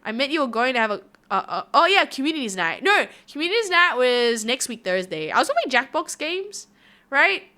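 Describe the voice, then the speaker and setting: A woman's voice: sits high, very animated, moderate pace, pushed and bright. A woman from Australia with an Australian accent, chatting casually on a livestream in a bubbly, rambling, giggly way. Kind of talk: casual stream chat reading viewer comments.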